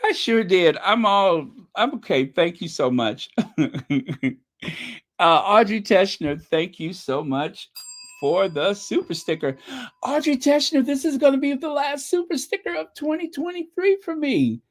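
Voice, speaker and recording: Slow, animated Caribbean-born woman streamer. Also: mid-range voice. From Caribbean island. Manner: chatty and excitable, thanking viewers. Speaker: livestream host. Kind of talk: casual livestream chat.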